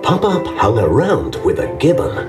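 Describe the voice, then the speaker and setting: A man narrating a children's storybook in an expressive, measured way. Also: mid-range voice. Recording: distant, with background music.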